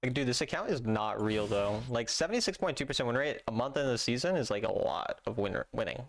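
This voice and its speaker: A man's voice: medium pitch, expressive, fast talker, creaky. A young man chatting casually with his viewers while playing a game live, reading chat aloud and joking dryly. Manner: laid-back, reads chat aloud, dry joking. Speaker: streamer. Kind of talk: casual gaming stream chat.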